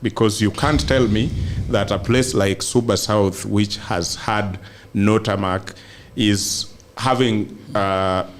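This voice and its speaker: A man with a Kenyan accent, a political commentator on a podcast, laying out his argument deliberately, point by point. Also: fairly low pitch, fairly even intonation.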